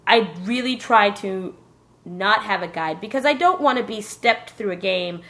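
A woman casually telling a lively story about a video game, cursing and joking as she goes. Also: medium pitch, normal speed. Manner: animated storytelling, swearing, joking voices.

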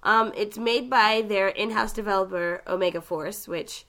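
A woman chatting casually about video games, telling the story with lively asides and quick mimicked voices. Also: medium pitch. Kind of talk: casual gaming chat.

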